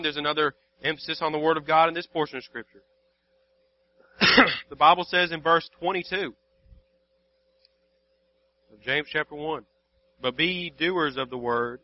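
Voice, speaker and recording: Earnest man preaching, slightly high voice. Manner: earnest, repetitive preaching with frequent restarts. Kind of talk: sermon. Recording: dull lo-fi sound.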